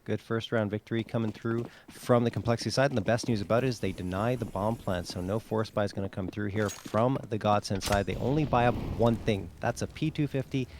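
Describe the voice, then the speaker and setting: A man giving measured, analytical color commentary on an esports match. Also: lowish voice, fairly even intonation, a little mellow, slight background noise. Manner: measured, analytical, laughs easily.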